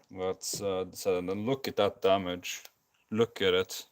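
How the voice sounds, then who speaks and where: Tired low-voiced Scandinavian man rambling. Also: steady tone, slow pace, background noise. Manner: rambling, many ums and restarts. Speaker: streamer. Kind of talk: casual live build commentary. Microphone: basic non-professional mic.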